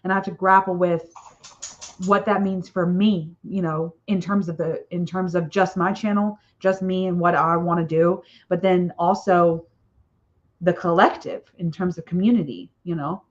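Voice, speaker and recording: Woman, low voice, casual live-stream chat, rambling, muffled lo-fi audio. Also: fairly even intonation, normal speed. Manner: chatty and rambling, frequent "okay?" tags and laughs. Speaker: author hosting a book launch live stream.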